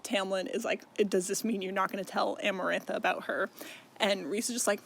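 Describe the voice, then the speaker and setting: A man's voice: sits high, level tone, fairly quick, gravelly, noisy background. A young man casually recapping a novel, rambling with lots of filler words and swearing, often laughing. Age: young adult. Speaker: book recap vlogger.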